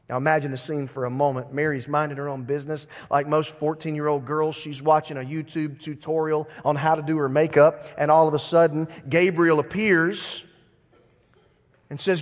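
Animated preaching man in a reverberant hall. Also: fairly high pitch, moderate pace. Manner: animated preaching, swings from quiet asides to emphatic declarations. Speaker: pastor. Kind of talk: sermon.

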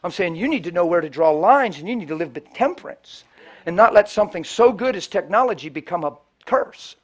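A male preacher telling a story in a sermon, swinging between loud preaching and hushed, near-whispered storytelling, and acting out the people he quotes. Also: high voice, lively intonation, a little fast. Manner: acts out the people in his stories in quoted voices.

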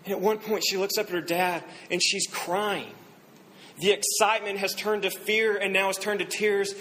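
A man preaching a sermon, telling a story and quoting its people in a softer voice. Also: high-pitched, steady tone, moderate pace, slight background noise, rough recording. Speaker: pastor.

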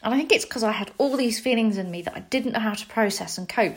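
Brief: young woman, frank and self-mocking, mid-pitched, personal storytelling with bursts of animation. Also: a little fast, hardly any pauses. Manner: candid and self-deprecating, animated when quoting herself.

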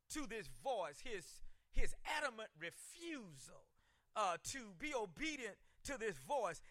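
High bright voice on a preacher guy, slow and dry, shouts the big lines. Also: dry recording. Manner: preaching with shouted emphasis and repeated words. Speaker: pastor. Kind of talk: sermon.

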